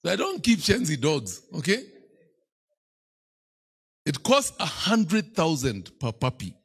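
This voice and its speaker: A man's voice: fairly high pitch, sing-song, slow pace, slightly rough. A man with a Kenyan accent preaching a sermon as a bishop, telling playful stories and teasing the congregation. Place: church.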